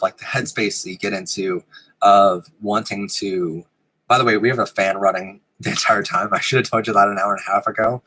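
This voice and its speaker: The audio is poor, but this live-stream host's lowish voice comes through bright and forceful. Chatting casually, he giggles a lot and rambles with frequent ums while a fan runs in his room.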